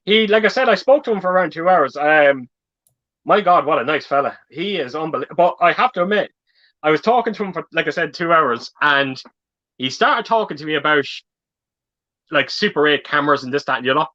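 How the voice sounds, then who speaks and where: A man's voice: fairly high pitch, expressive, fairly quick, sharp tone, muffled recording. A man in a casual livestream chat, telling rambling stories and often repeating his words.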